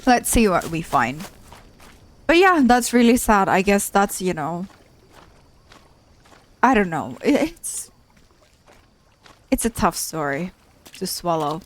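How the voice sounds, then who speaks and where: A woman's voice: medium pitch, big pitch swings, slow pace, pauses often. A woman hosting a let's play who gives casual, chatty commentary and repeats exclamations when something startles her.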